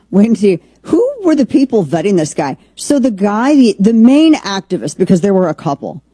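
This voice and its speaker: A woman's voice: mid-range voice, sing-song, moderate pace, dark tone, slightly rough, no echo. A woman hosting a political commentary show, opinionated and rambling, with frequent restarts. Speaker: podcast host.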